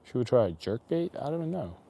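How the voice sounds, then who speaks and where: A man with a soft, warm and mellow voice talks his way through a slow fishing day, rambling and wry. He chats to himself and to passersby outdoors by an icy river. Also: medium pitch, sing-song, creaky. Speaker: angler streaming live. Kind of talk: casual fishing vlog chatter.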